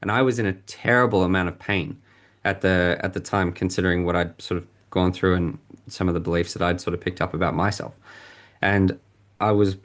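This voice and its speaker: A man with a fairly low voice shares a candid story from his own life as a podcast guest. He talks reflectively, pausing and restarting as he searches for the right words. He is speaking into a podcast mic. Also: a bit bright.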